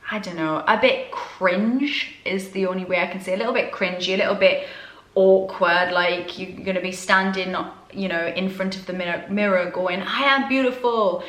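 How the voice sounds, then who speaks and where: A British self-development coach talks casually to camera in a mid-range, fairly bright voice. She is chatty, straight-talking and self-deprecating, and the room she's in is echoey.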